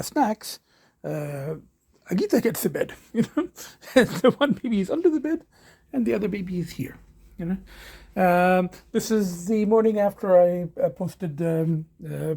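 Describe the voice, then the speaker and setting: Vlogger, male, mellow and husky, chatty and meandering, drifts into soft cooing for his pets. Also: on the high side. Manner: rambling, hesitant, many fillers; coos softly to his cats. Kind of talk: casual video diary. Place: home bedroom.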